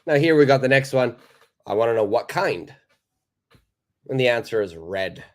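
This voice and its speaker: A man's voice: mid-range voice, expressive, normal speed. A man teaching a live online English lesson, patiently reading out viewers' answers, praising them and explaining simple phrases.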